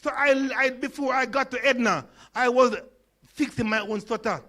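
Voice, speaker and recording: A man's voice: extremely high pitch, normal speed, sharp tone. A Jamaican man in his sixties with a stutter and lisp, giving a humorous conference talk with stories and questions to the audience. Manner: storytelling, engages audience with questions. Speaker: conference speaker.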